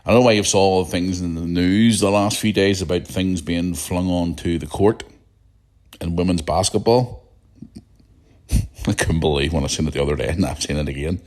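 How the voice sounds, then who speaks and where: A middle-aged Northern Irish man hosting a solo podcast, chatting in a blunt, rambling way with a croaky morning voice. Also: deep voice, normal speed, darkish tone. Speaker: podcast host. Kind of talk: casual solo podcast chat.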